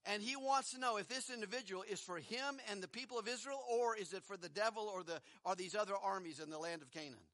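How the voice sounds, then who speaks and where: A man's voice: high voice, quick pace, hardly any pauses, a bit bright, no echo, studio quality. A middle-aged man preaching a sermon in a conversational way, posing rhetorical questions and chuckling between points.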